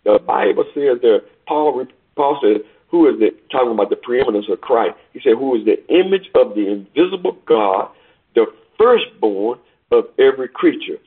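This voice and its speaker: Man, sermon, gravelly voice, tinny phone-like sound, scripture reading with emphatic swells. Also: medium pitch, animated, normal speed. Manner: reads scripture aloud, then explains it with emphatic swells and hushed asides. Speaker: preacher.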